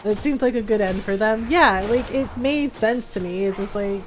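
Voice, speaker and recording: A woman game streamer in casual chat, animated, laughing often and swearing casually. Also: mid-range voice, normal speed, faint music behind.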